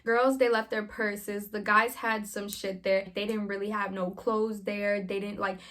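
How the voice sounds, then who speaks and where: A young woman vlogger telling a story in a casual, animated way, full of slang and swearing. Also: mid-range voice, a little slow.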